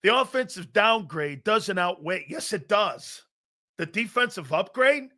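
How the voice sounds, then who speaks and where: A middle-aged man hosting a live sports talk show, reading chat messages aloud, laughing often and arguing back loudly. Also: high voice, a little slow. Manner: loud, excitable, laughs often, argues with chat.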